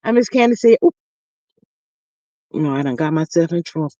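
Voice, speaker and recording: A woman hosting a casual gossip livestream, reading chat comments aloud and drawling slang, swinging between loud calls and low murmurs. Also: animated, brisk, no room sound, dull audio. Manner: drawling Southern slang, says child a lot, reads comments aloud.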